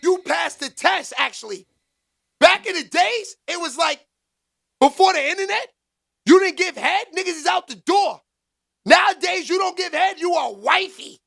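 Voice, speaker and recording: This livestream commentary host chats with viewers casually at a normal speed, using street slang. He has a high-pitched, raspy, gravelly voice and an animated delivery punctuated by loud exclaims.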